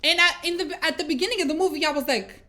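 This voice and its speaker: Speaking very fast in a very high-pitched voice, a woman recounts movie scenes for a casual review. She's exasperated and curses freely, turning it into lively storytelling.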